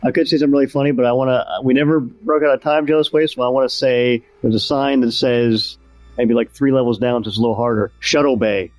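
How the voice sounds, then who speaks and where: A man playing a tabletop game, bantering in a brash, shouty way. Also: mid-range voice, steady tone, fast talker, no echo, soft background music, poor audio. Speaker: player.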